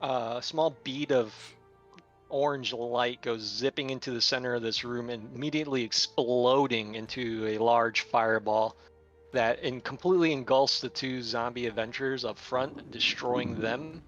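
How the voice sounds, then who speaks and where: A man narrating a tabletop game as game master, describing scenes in a relaxed way with filler words. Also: mid-range voice, moderate pace, dull audio, faint music behind.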